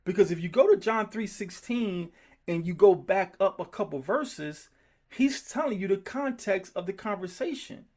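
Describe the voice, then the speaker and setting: A man's voice: high-pitched, moderate pace. A man leading a group scripture study, talking in an emphatic, worked-up way. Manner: animated, emphatic, gets worked up. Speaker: Bible study teacher.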